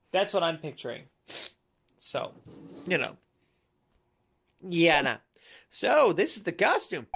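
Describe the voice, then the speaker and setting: A woman's voice: on the low side, a bit bright, a little hiss or hum. A woman streamer chatting casually with her viewers while playing, giggly and self-mocking. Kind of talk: live game-stream chat. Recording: game music behind.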